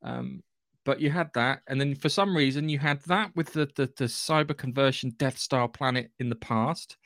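A man's voice: medium pitch, normal speed, a bit bright, dry recording. Man, nerdy podcast co-host, enthusiastic, dry close sound. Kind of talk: casual podcast chat.

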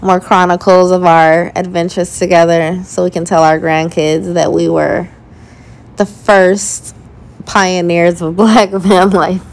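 A woman's voice: lowish voice, little pitch movement, slow, darkish tone. A woman co-hosting a casual travel podcast with her partner, chatty and laughing easily. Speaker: podcast co-host.

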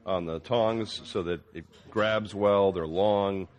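A man, a chef co-hosting a radio cooking show, calmly explaining how he builds a sandwich. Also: low voice, slow. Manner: laid-back, explains cooking steps with fillers. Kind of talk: casual radio banter.

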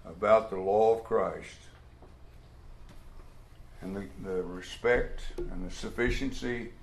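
A man preaching a folksy, emphatic Bible study sermon, acting out the voices in his stories. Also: on the low side. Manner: folksy, emphatic, acts out quoted voices loudly. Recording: echoey room with faint ambient noise.

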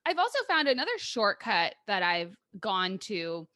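A woman's voice: medium pitch, sing-song, a little slow, bright, forceful tone, no echo, studio quality. A woman therapist co-hosting a podcast, explaining ideas in a coaching, explanatory way. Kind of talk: casual conversation.

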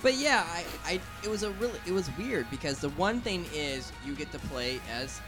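A man co-hosting a casual gaming podcast, talking in an animated, rambling and jokey way. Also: fairly high pitch, normal speed. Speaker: podcast co-host. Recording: music playing underneath.

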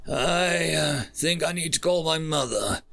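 Formal, literal alien woman, read by a man, pitched high, earnest and precise. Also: unhurried, creaky, sharp tone, soft background music, exaggerated voice. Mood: unsettled. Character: formal, precise female alien crew member.

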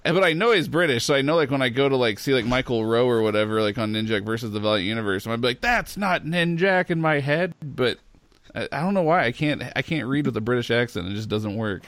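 A man's voice: mid-range voice, quick pace, no room sound. A man hosting a casual chat, talking with enthusiasm and laughing easily. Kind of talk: casual chat about comics.

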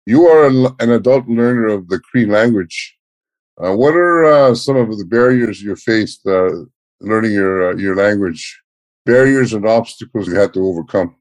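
A man's voice: fairly low pitch, moderate pace, a little mellow, no room sound. A man hosting a podcast, reading a prepared introduction and then asking questions with some fillers. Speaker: podcast host. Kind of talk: scripted intro and interview questions.

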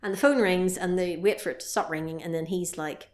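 A woman's voice: lowish voice, a little fast, darkish tone, roomy sound. A woman co-hosting a podcast, chatting casually and animatedly as she retells a horror film with playful sound effects. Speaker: podcast co-host.

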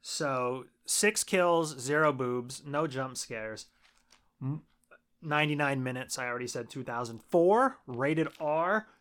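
A man's voice: medium pitch, lively intonation, slow, a bit bright. A man co-hosting a casual movie review podcast, laid-back and swearing freely. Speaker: podcast co-host.

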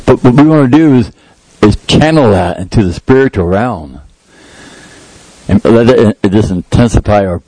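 A man's voice: medium pitch, warm tone, no room sound, rough recording. A middle-aged male pastor preaching a sermon in a conversational way that rises into emphatic prayer. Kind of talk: sermon with live demonstration.

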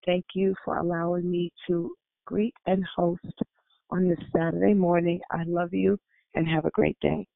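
A woman hosting a prayer phone call, reading the order of service in a measured, formal way. Her voice has a gravelly edge. The sound is dry and squeezed through a tinny phone line. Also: on the low side, little pitch movement, dry recording. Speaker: call host and greeter. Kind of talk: scripted announcements.

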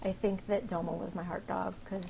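A woman co-hosting a podcast, chatting casually and telling rapid, animated stories full of swearing. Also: medium pitch, creaky, slight background noise, rough recording. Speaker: podcast co-host. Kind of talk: casual chat.

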